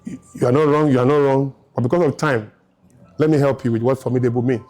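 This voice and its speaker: A man's voice: medium pitch, steady tone, fast talker, a little mellow, faint music behind. A man in his fifties giving a motivational lecture to a live audience, emphatic and firing rhetorical questions. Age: 50s. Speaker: speaker.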